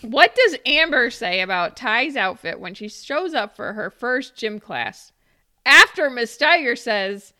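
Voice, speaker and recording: A woman's voice: a little high, sing-song, measured pace, bright, forceful tone, no echo, clean studio sound. A woman in casual chat, playfully quizzing a friend and laughing often. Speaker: quiz host.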